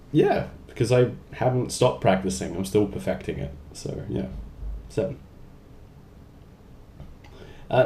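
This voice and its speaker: A young man with a fairly low, warm voice casually answers fan questions for a vlog. He reads each one out loud and jokes around in a chatty way, and the sound has a roomy echo.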